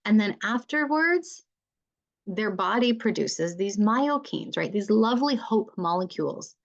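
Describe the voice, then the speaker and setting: A woman's voice: mid-range voice, lively intonation, measured pace, lo-fi sound. A woman mediator giving an earnest, encouraging conference talk to fellow mediators, often checking in with "right?".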